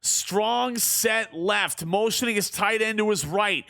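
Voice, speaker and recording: A young man streaming a football video game, calling the plays like a sports commentator and shouting on big plays. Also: high voice, slow pace, gravelly. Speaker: streamer doing play-by-play.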